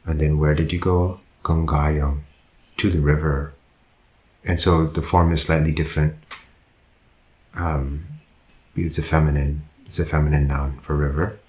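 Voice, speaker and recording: Very deep, slow-speaking man teaching. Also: level tone, a little mellow, echoey room. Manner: slow, patient, corrects himself often. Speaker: Buddhist monk teaching Pali. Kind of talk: language lesson.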